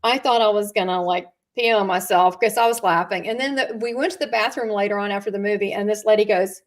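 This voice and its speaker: A chatty woman talking in a relaxed conversational way, voice in an ordinary middle pitch. She often restarts her sentences and fills the gaps with "uh" and "you know" as she tells her stories. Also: fast talker. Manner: chatty storyteller with frequent fillers and restarts. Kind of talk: casual conversation.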